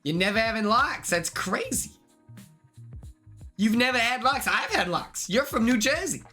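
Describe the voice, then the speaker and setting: A young man streaming, chatting casually and excitedly, repeating himself as he reacts. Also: very high voice, measured pace, faint music behind. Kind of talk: casual chat reacting to clips and gaming.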